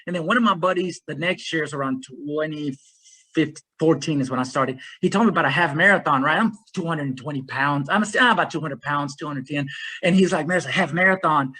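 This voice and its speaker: A man in his forties, an ultrarunner guest, telling his story in a rambling, energetic way. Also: a little high, brisk, breathy edge, rough recording. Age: 40s. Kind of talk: casual interview conversation.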